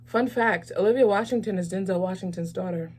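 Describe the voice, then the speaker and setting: Chatty, animated woman reviewing a movie. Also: mid-range voice, brisk, breathy edge. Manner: animated, enthusiastic, chatty with many fillers. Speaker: host of a movie review channel.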